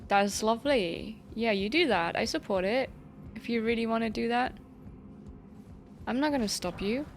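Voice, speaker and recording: A woman's voice: a little high, normal speed, background noise. A woman streaming a video game, chatting playfully with her viewers, reading their messages aloud and swearing casually at enemies. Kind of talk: casual gaming livestream commentary.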